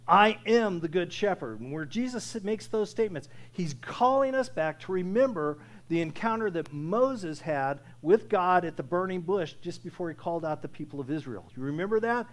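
A man preaching a sermon, moving from hushed, slow passages to loud, emphatic declarations and asking his listeners questions. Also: high-pitched, lively intonation. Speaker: pastor.

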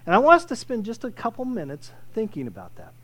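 A male pastor delivers a sermon in a high-pitched voice. He talks conversationally to his congregation, restarting phrases often, then swells loud to drive a point home. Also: wildly swooping pitch, quick pace.

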